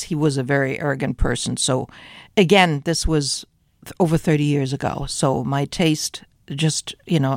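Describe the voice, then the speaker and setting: An older woman from Germany with a slight German accent, hosting a radio show in a studio and chatting in an animated, rambling way full of fillers. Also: low-pitched, gravelly, no room sound. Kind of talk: casual radio chat.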